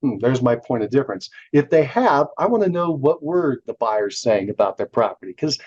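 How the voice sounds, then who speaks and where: A man's voice: medium pitch, big pitch swings, brisk, darkish tone, slightly rough, muffled recording. A man coaching on sales scripts in a conversational manner, with fillers and self-corrections. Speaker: real estate sales coach. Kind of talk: instructional talk walking through a call script.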